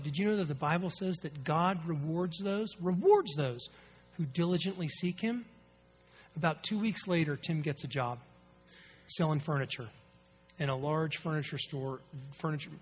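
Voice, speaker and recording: A man preaching a sermon with a congested, nasal voice from allergies, telling stories and reading scripture with strong emphasis. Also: on the high side. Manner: storytelling, rising and falling emphasis, reads scripture slowly. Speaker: pastor.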